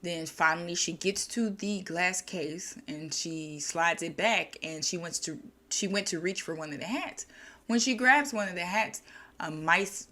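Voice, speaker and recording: A woman's voice: on the low side, measured pace, sharp tone. A young woman casually retelling a short story in her own chatty words, with restarts and slang. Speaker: storyteller and channel host.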